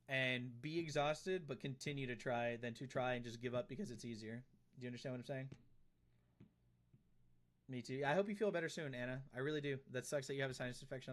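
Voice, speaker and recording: A man's voice: medium pitch, a bit bright. A man streaming live, chatting casually and reading out and answering comments from his chat, often repeating himself.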